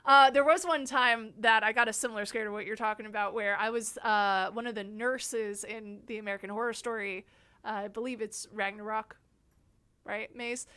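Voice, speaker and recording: A woman hosting a casual video call chat, telling lively stories with lots of laughter and acted-out scares. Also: on the high side, a little fast, few pauses, clean tone. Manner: animated, laughing, acts out scares. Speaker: host.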